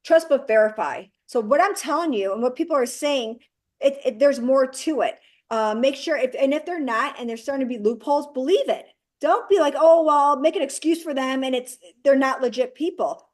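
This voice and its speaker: A woman in her forties, a guest actress, chatting in an interview in a direct, animated way. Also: high-pitched, fairly quick. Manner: direct, animated storyteller who acts out quoted dialogue. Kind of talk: casual interview chat.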